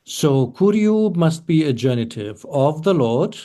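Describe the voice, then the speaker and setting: Slow, mellow-voiced male student. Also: fairly high pitch, big pitch swings. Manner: slow, tentative, asks questions. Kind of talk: online class, working through a translation.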